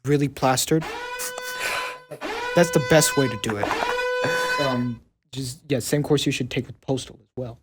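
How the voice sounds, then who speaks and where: A man's voice: medium pitch, a little slow, pauses often, loud music behind the voice. A young man in casual chat who stammers and repeats his words often. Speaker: student show panelist.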